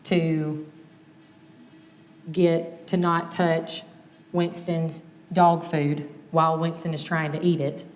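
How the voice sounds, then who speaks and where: A woman's voice: deep voice, little pitch movement, takes it slowly, pauses often, in a large hall. A mother in her thirties giving a plainspoken, conversational talk on family communication. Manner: conversational, plainspoken, gently quotes examples.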